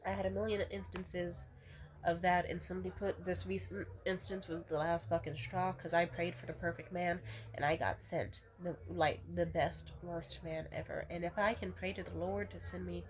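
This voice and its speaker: A young woman vlogs to camera in a casual rant, blunt and profane, repeating herself to restate her points. Her voice is on the low side, with a level tone and a moderate pace.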